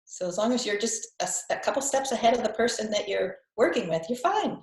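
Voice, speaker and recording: A woman's voice: a little high, animated, fast talker, vocal fry, roomy sound, low-quality recording. A woman with a faded Boston accent, chatting casually as a guest health coach, repeating words and laughing often. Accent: Boston, mostly faded. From New England. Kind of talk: casual video call chat.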